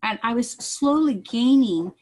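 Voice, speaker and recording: A woman's voice: a little high, animated, unhurried, background noise. A woman, a mother, giving an earnest personal testimonial in a conversational storytelling way. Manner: earnest, acts out quoted dialogue.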